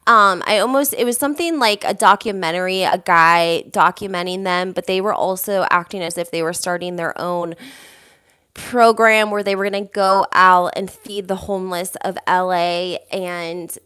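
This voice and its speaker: A woman hosting a casual reality TV gossip chat, reading out viewer comments in a chatty, animated way, full of fillers. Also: on the low side, clear, resonant tone.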